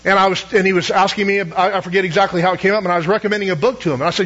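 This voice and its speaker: A man's voice: sits high, fairly even intonation, very fast, fairly bright tone, breathy edge, dull audio. A middle-aged man preaching a sermon in a conversational, storytelling way, asking the audience rhetorical questions.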